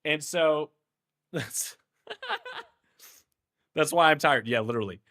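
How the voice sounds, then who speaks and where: A man's voice: fairly high pitch, slow, pushed and bright. A playful, goofy young man with a Houston accent, chatting casually with his stream viewers in heavy slang and laughing often.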